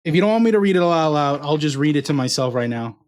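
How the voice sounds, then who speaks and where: Man, streamer, casual chat, playful, fairly high pitch. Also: animated, fast, a little mellow, clear, resonant tone. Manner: playful, talks to his dog and chat while opening mail.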